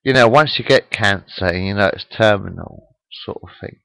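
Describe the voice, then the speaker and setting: A man's voice: lowish voice, gravelly, a bit bright, no echo, low-quality recording. A man in his forties talking to his webcam at home, upset and shocked, rambling and repeating himself while asking the viewer questions. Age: 40s. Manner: slow, repetitive, asks the viewer questions. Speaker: webcam vlogger. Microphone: webcam microphone.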